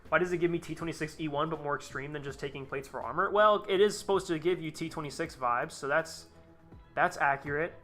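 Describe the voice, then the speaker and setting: A man chats live to his stream while tinkering with a design, cursing in exasperated bursts and wandering off into rambling asides. His voice sits a touch high and rings bright and forceful. Faint music plays behind him. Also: brisk.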